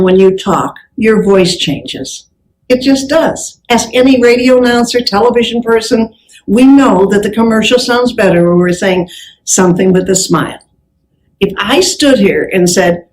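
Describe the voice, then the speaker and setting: An older woman speaking on stage, telling lively stories that act out the dialogue. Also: medium pitch, rough recording. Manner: animated storyteller acting out dialogue. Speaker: keynote speaker on customer service. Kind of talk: live speech with anecdotes. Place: event stage with audience.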